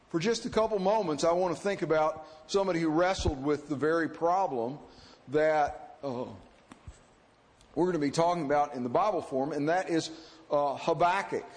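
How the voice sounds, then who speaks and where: A pastor preaching a sermon in an earnest, halting way with frequent fillers. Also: male voice, on the high side, in a large hall.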